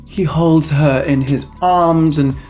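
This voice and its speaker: Snarky low-voiced woman reviewing a movie. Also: fairly even intonation, takes it slowly, warm tone, soft background music. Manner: snarky, mocking, peppered with swearing and "like". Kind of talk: casual sarcastic review vlog.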